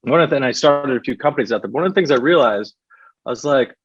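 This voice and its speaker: A man's voice: medium pitch, expressive, fast talker, husky, no room sound. Guest coach, man, reflective talker, muffled dry recording. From New York. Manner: reflective, keeps adding "right?". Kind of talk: casual podcast interview. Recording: dull, dry podcast sound.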